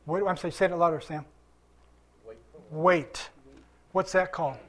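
A man's voice: fairly high pitch, steady tone, a little slow, a bit bright. An older man preaching a sermon to his congregation, conversational, asking questions and waiting for answers, recovering from illness. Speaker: pastor.

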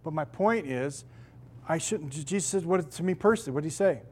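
A man's voice: on the high side, expressive, brisk, a little mellow. A middle-aged male pastor preaching with a slightly raised voice. He leans hard on key words and stretches them out for effect. His delivery is earnest and emphatic. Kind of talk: sermon.

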